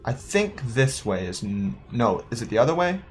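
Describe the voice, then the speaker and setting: This young let's-play gamer rambles through the game, thinking aloud and second-guessing each step. The voice rises and falls in a lively, animated way, with a quick laugh never far off. A faint hum of noise sits under the speech. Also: mid-range voice. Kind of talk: casual gameplay commentary.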